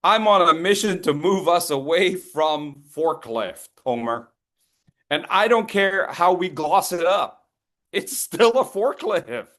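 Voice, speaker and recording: A man's voice: sits high, lively intonation, takes it slowly, fairly bright tone. Playful encouraging man coaching a workshop. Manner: playful, encouraging, calls on people by name. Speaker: public speaking workshop presenter. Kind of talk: lively interactive workshop coaching.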